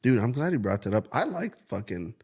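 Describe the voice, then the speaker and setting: A man co-hosting a podcast, telling stories in excitable casual chat and swearing often. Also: medium pitch, brisk, husky. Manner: excitable storyteller, swears a lot. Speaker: podcast co-host.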